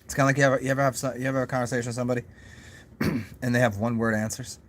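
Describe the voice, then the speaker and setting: A man's voice: medium pitch, level tone, very fast, a little hiss or hum. Rambling man musing to camera. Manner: rambling, musing, many restarts and asides. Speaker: vlogger. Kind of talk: casual rambling monologue.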